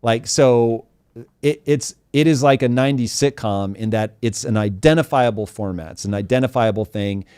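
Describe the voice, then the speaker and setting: A man's voice: medium pitch, normal speed, darkish tone, smooth, no room sound. A man hosting a live talk show, chatting casually and animatedly, swearing freely and stretching out words for emphasis. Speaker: show host.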